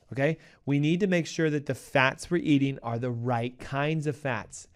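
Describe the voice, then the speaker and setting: A man's voice: fairly high pitch, clean tone. A man hosting a health advice show, talking emphatically and punchily straight to his listeners. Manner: acts out a panicking cardiologist in a raised voice. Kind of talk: energetic health advice talk.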